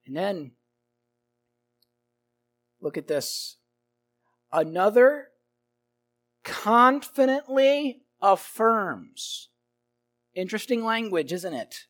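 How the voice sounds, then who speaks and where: A man preaching an expository sermon, emphatic, swelling and dropping in volume and repeating his phrases. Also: sits high.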